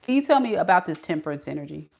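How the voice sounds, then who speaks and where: A woman's voice: fairly low pitch, big pitch swings, racing, gravelly. A woman reading tarot cards for her audience. She is sassy and playful, and she drops slang as she talks straight to the listener. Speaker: tarot reader.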